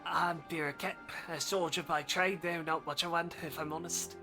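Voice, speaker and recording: Woman voicing a blunt low-born soldier. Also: fairly even intonation, normal speed, over music, lightly acted. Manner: rough folksy speech, plain-spoken. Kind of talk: reading game dialogue aloud in voices.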